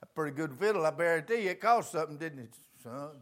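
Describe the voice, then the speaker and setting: An older man preaching a sermon, telling folksy stories, dropping to quiet asides and rising to shouts. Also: a little high, expressive, quick pace.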